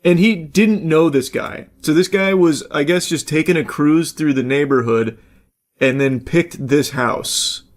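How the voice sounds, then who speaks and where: A man's voice: a little high, unhurried. A man giving casual, rambling commentary as he reacts to a video clip. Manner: rambling, self-correcting narration.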